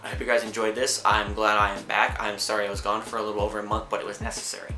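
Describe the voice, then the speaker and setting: A man's voice: fairly low pitch, flat delivery, racing. A tired young man vlogging casually, rambling and self-mocking as he acts out quotes. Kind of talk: casual vlog talk. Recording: echoey room with soft music.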